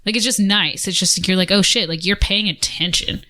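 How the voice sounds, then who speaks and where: A woman's voice: mid-range voice, brisk, pushed and bright. A young adult woman co-hosting a podcast, chatting openly and casually with lots of filler words. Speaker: co-host. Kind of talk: casual chat.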